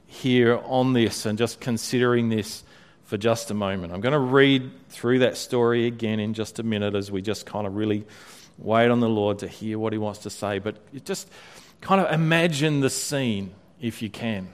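A pastor leading a guided scripture meditation, speaking reflectively with many hesitant restarts. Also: male voice, lowish voice, moderate pace, few pauses, smooth.

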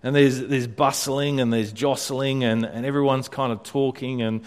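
A pastor leading a guided scripture meditation, speaking reflectively with many hesitant restarts. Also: male voice, medium pitch, fairly even intonation, normal speed.

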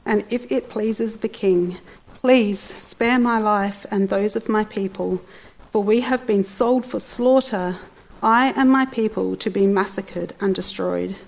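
A woman's voice: medium pitch, takes it slowly, vocal fry, darkish tone, rough recording. A woman voicing a frightened but brave young queen, speaking in an earnest, pleading way.

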